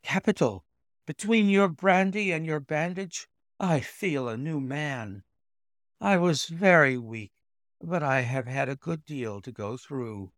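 A man's voice: a little high, slow pace, fairly bright tone, no room sound, studio quality, voice pushed up. A man voicing a shaken young engineer. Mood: weary.

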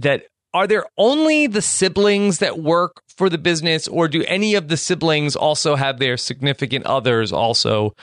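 A man co-hosting a podcast with a smooth, resonant voice, recorded dry and close. He speaks in a measured, thoughtful way, posing questions in casual chat. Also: a little high, fairly bright tone, no room sound. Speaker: podcast co-host. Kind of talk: casual chat recapping a reality show.

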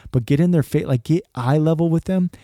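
A man's voice: a little high, a little fast, dark tone, dry recording, studio quality. A man in his thirties hosting a faith podcast, talking earnestly in a conversational way, full of "like" and restarts. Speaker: podcast host. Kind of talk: casual faith podcast talk.

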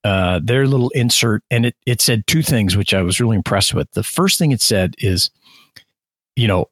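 A man's voice: lowish voice, brisk, fairly bright tone, no echo. A man co-hosting a casual business podcast, explaining ideas with examples and restarting his sentences often. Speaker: podcast co-host.

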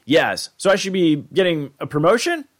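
A man's voice: on the high side, big pitch swings, moderate pace, voice pushed up. A man voicing an insecure, whiny middle-aged dad with a pleading tone. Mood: hopeful.

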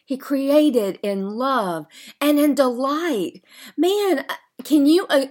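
Woman, podcast host, faith monologue, unhurried delivery, emphatic and heartfelt, soft murmured asides. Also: mid-range voice.

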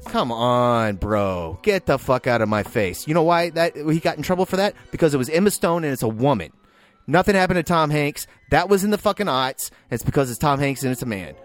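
A man co-hosting a film podcast, ranting heatedly with lots of swearing. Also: medium pitch. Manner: heated, swearing, loud outbursts. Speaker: podcast co-host. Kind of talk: profane ranting film review.

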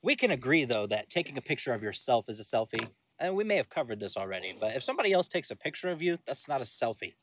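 A man's voice: mid-range voice, very animated, fast talker, few pauses, a bit bright, a little hiss or hum. A man, co-hosting a casual podcast chat, crude and ranting while drinking. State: drinking, getting tipsy. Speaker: podcast co-host.

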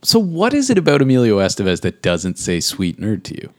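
A man with a very deep voice co-hosts a casual podcast. His delivery is playful and dry as he runs through the categories, recorded close with no room sound. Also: huge pitch swings, fairly quick, darkish tone, no echo. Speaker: podcast co-host. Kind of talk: casual chat.

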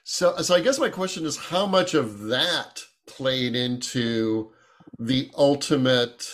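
A man's voice: lowish voice, a bit bright. A man in his sixties hosting a discussion, steering it with questions. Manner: leading questions, storytelling. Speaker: podcast host. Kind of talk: casual discussion.

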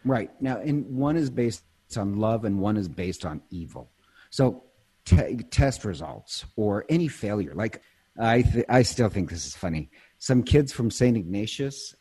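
A man's voice: on the low side, animated, measured pace, mellow, breathy edge. A man, a priest, chatting casually and telling stories, breaking off mid-sentence and laughing easily. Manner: storytelling, self-interrupting, laughs easily. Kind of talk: casual conversation.

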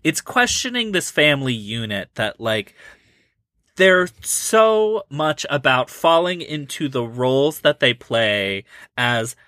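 A man's voice: mid-range voice, big pitch swings, slow, pushed and bright, no room sound, studio quality. A man co-hosting a casual film podcast who lays out his reading of a movie in a thoughtful, analytical way. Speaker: podcast co-host. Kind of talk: casual film-review chat.

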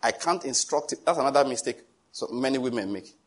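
Husky man preaching. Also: mid-range voice, a little fast. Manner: animated, joking, pleading asides. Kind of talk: sermon.

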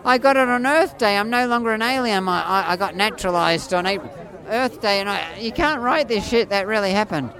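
A man in his forties with an Australian accent and a high voice often mistaken for a woman's, rambling through stories in an animated, playful way. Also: a little fast. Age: 40s. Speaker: street performer jester. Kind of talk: casual storytelling interview. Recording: faint crowd outdoors.

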